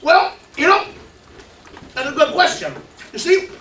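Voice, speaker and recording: A man with a high, bright voice plays a worn-out character in a kids' skit and turns it into a lively science lesson, asking the audience questions along the way. He sounds far from the microphone in an echoey room. A faint hiss sits under the recording. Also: a little slow, long pauses. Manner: playful, asks the kids questions. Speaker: children's ministry presenter. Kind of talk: comedic science skit for kids.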